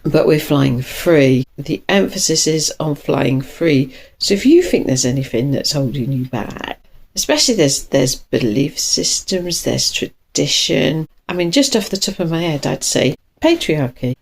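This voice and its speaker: A woman's voice: low voice, very animated, measured pace, vocal fry. A woman giving a casual tarot reading to camera from a cosy couch at home, chatty and rambling, laughing often and correcting herself as she goes. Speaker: tarot reader.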